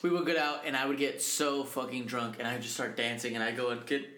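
A young man co-hosting a casual podcast, telling animated stories full of swearing and acted-out quotes. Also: mid-range voice, brisk. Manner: animated storyteller, swears a lot, acts out quotes. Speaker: podcast co-host. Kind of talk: casual chat. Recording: echoey room, faint noise.

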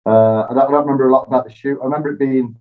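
A man's voice: mid-range voice, rapid-fire. Laid-back man, slightly muffled. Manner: relaxed, self-deprecating, laughs often. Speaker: interview guest, former footballer. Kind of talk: casual interview storytelling. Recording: slightly dull lo-fi sound.

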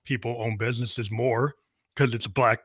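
A man's voice: medium pitch, steady tone, normal speed, a bit bright, dry recording. A man from the Boston area in casual conversation, easygoing and thinking aloud with lots of "like". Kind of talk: casual chat.

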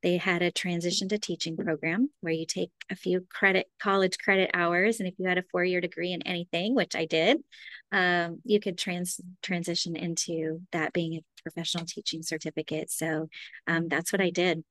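A middle-aged woman educator, a guest in an interview, telling her story in a lively conversational way with fillers. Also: on the low side, moderate pace, no room sound. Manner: animated, acts out quoted voices.

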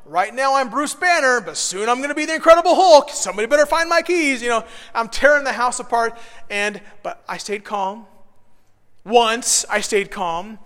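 Male pastor, 30s, high-pitched and bright, lively self-deprecating storyteller, long hall reverb. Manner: animated, self-deprecating storyteller who builds to shouts. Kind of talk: sermon with personal storytelling.

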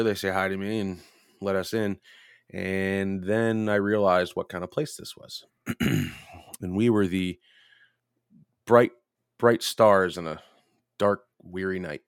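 Low-voiced man swearing through a story. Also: no room sound, clean studio sound. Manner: profane, rambling anecdotes. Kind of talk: casual storytelling chat.

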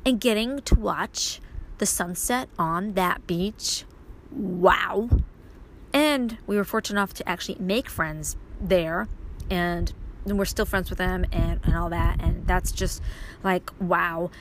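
A woman's voice: on the low side, slow, fairly bright tone, slight background noise. A woman hosting her own podcast, talking casually and rambling with many fillers while outdoors. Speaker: podcast host and indie author. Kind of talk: casual solo podcast monologue.

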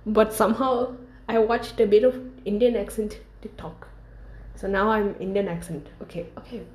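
A young woman talks in a loose, rambling storytime style, candid and full of fillers. Her pitch sits mid-range, and the vlog recording carries a roomy echo. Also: steady tone, normal speed, darkish tone. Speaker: vlogger. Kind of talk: casual storytime monologue.

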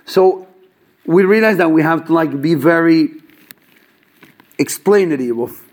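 A man's voice: fairly high pitch, a little slow. A man telling a story at a casual gathering, talking loosely with many fillers and acting out the people in it. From Chabad yeshiva student background. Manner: animated, acts out quoted dialogue, many fillers.

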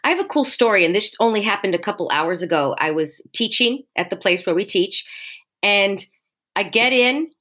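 A woman with a bright, clear voice tells an animated story in a casual chat. Her pitch jumps around a lot as she acts out little quotes. She talks like a spin class instructor sharing a lesson. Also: normal speed.

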